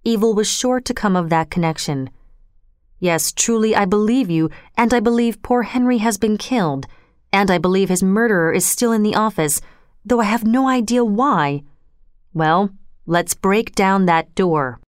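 A woman voicing a grave, resolute middle-aged male lawyer who speaks firmly and in measured tones. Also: medium pitch, clean tone, dry recording, studio quality, natural voice. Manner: firm, measured.

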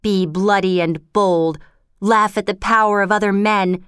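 Creepy bloody child ghost, woman reading, solemn and slow, dry clean sound. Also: medium pitch, steady tone, fairly bright tone, clean tone, no echo, close to an everyday voice. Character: blood-covered child vision, eerie and fierce.

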